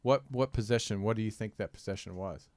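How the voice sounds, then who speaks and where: A man's voice: lowish voice, brisk, darkish tone, no echo. A man hosting a talk show in a studio, asking questions with many fillers and restarts. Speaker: host. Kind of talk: casual chat.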